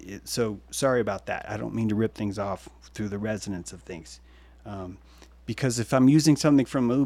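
A man hosting a livestream, talking in a meandering, excitable way that swings between loud bursts and hushed asides. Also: on the low side, no echo. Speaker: livestream host. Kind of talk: rambling livestream monologue.

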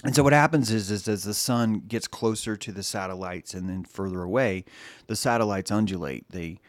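Low-voiced rambling jokey male host. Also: moderate pace, dry recording. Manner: rambling, jokey, full of restarts and word hunts. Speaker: video host. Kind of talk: rambling comedic commentary.

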